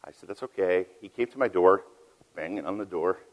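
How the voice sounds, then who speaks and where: A deep-voiced middle-aged man preaching in a big hall where his words ring out with a long echo. He tells his story with loud peaks and hushed, quiet asides, the way a pastor talks from the pulpit. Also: a little fast. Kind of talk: sermon. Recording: long reverb of a large hall.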